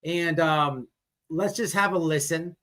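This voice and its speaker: A man's voice: on the high side, slow pace, fairly bright tone. A man hosting a casual commentary show, talking bluntly and rambling into ranting asides. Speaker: commentary host reacting to a livestream. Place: on a fast-food restaurant's wifi.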